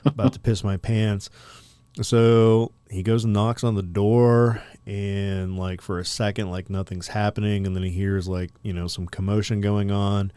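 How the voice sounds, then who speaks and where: A man's voice: lowish voice, little pitch movement, normal speed, hardly any pauses, dark tone, clear, resonant tone, dry recording. A man co-hosting a podcast, telling a story in a rambling, casual way full of fillers and profanity. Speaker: podcast co-host.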